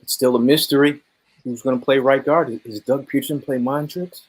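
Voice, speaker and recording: A man's voice: mid-range voice, fairly even intonation, moderate pace, slightly rough, low-quality recording. A man hosting a casual live sports chat, laid-back and joking. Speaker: podcast host.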